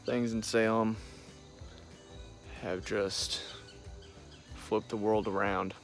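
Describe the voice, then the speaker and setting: A weary, condemned Salem farmer , played by a man, records halting farewell messages to his camera. His voice sits low and he speaks very slowly, calling his listeners "y'all". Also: little pitch movement, faint music behind. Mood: resigned. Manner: slow, halting, says "y'all". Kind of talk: amateur vlog-style role-play.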